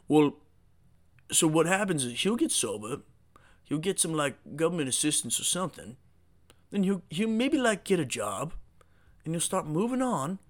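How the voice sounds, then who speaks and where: A man hosting a solo podcast, talking in a rambling, profane, excitable way. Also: high voice. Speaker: podcast host.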